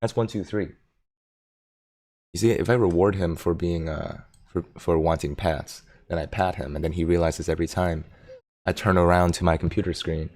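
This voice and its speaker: A man with a gravelly voice hosting a casual stock market livestream from his home desk, chatting, reading viewer comments aloud and talking to his dog. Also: deep voice, darkish tone. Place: home desk in Silicon Valley.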